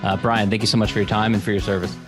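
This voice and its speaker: A man's voice: fairly low pitch, level tone, very fast, music in the background. A man hosting an interview podcast, upbeat and affirming as he responds to his guest and wraps up the show. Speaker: podcast host.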